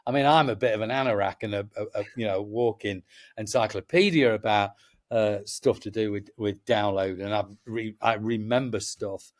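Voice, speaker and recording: A man's voice: on the low side, moderate pace. A middle-aged man, a festival promoter chatting as a guest and telling stories passionately, with many restarts. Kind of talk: casual chat.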